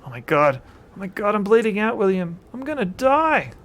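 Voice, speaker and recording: A man voicing a panicking wounded male outlaw with high, wailing cries. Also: expressive, brisk, a bit bright, a little hiss or hum. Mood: panicked.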